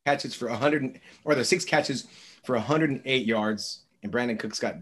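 A man's voice: medium pitch, moderate pace, fairly bright tone. A man in a casual sports podcast who teases and ribs his co-hosts in a jokey way. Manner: teasing, jokey ribbing of the others.

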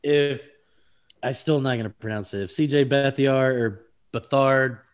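A man co-hosting a casual sports podcast, rambling through his analysis with quick laughs and stumbling over names. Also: medium pitch, darkish tone. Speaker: podcast co-host.

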